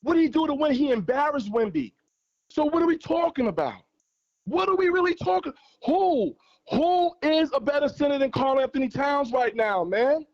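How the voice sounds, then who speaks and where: Animated and very high-voiced, this caller speaks at normal speed with a darkish tone, though the audio is dull. He's arguing passionately on a fan livestream's sports debate, hammering his points through repetition.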